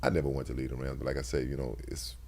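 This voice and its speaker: A man's voice: very deep voice, fairly even intonation, racing, gravelly, a little mellow. A man in his sixties, a former football player, telling stories in a casual interview with lots of restarts and repeated words.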